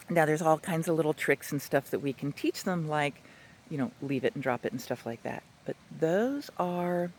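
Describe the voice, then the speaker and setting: A man's voice: on the high side, a little hiss or hum. Chatty man teaching puppy training. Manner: chatty and animated, with playful asides. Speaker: dog trainer. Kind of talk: instructional talk.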